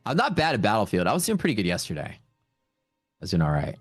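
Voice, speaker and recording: A man's voice: fairly low pitch, huge pitch swings, quick pace, husky, no echo, soft background music. A man hosting a livestream from home, rambling in casual chat and answering viewer questions. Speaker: livestream host and futures trader.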